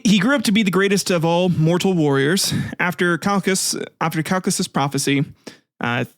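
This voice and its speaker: Here the same kind of casual history podcast plays out, the host retelling myths with swearing, laughter and jokey asides while frequently starting sentences over. His voice is high-pitched, with no echo and clean studio sound.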